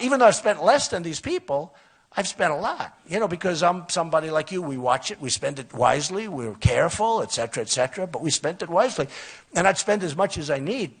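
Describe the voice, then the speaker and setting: An older man speaks at a campaign rally through a podium microphone. His voice is husky and sits high for a man, and he rambles, circling back over his points again and again. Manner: rambling, repetitive, conversational boasting. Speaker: political candidate. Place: outdoor or hall rally.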